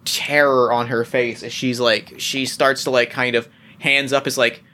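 Bright-voiced man running a tabletop game. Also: medium pitch, flat delivery. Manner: halting, many restarts and fillers. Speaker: game master.

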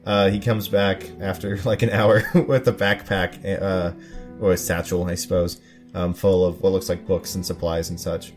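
A man with a fairly low voice narrates a tabletop game as game master. He speaks in a relaxed, halting way, full of fillers. Faint music plays behind him. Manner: relaxed, hesitant with many fillers.

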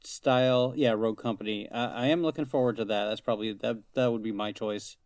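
A man hosting a casual podcast interview, steering the chat in a relaxed way. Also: medium pitch, a little fast, no room sound, clean studio sound. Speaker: podcast host.

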